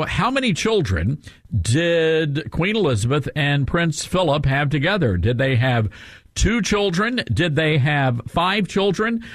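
A man hosting a radio talk show, upbeat and jokey, often filling pauses with uh. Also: on the high side, no room sound, clean studio sound. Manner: jokey, upbeat, many filler uhs. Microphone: studio mic.

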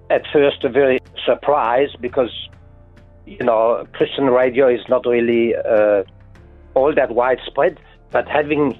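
A man in his seventies from France with a French accent, calling in to a radio show, joking and halting with many fillers. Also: medium pitch, dry recording. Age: 70s. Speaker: caller. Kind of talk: casual phone chat. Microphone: phone. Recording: tinny phone line.

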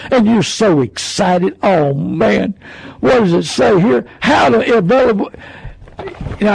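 A man, a car dealer hosting a folksy radio talk, animated and full of rhetorical questions. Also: high-pitched, vocal fry, breathy edge, dry recording, rough recording. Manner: animated, mocking salesman voices, rhetorical questions.

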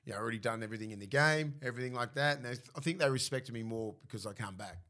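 Brief: Australian man, 30s, ex-footballer guest, loose sweary storytelling, voices other people in anecdotes, mid-pitched. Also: very fast. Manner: swears freely, animated storytelling with mimicked voices. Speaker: former rugby league player, guest. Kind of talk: casual podcast chat.

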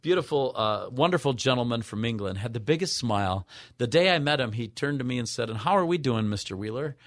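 A man's voice: mid-range voice, lively intonation, fairly quick, dry recording, clean studio sound. An older man, a radio guest, earnestly telling an emotional personal story and acting out the voices of the people in it. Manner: earnest, acts out quoted voices with wide swings.

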